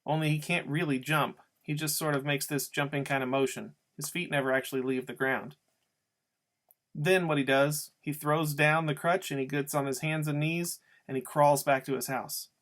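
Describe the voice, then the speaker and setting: A man's voice: a little high, steady tone, moderate pace, a bit bright. A man reading a novel aloud as an audiobook, telling the story in a casual first-person voice. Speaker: audiobook reader.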